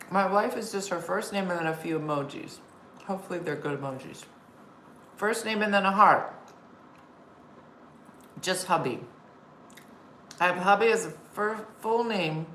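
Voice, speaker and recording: A woman's voice: medium pitch, animated, measured pace, long pauses, fairly bright tone. A woman comedian hosting a casual live-stream chat, telling stories and reading viewer comments aloud. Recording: roomy sound with faint background noise.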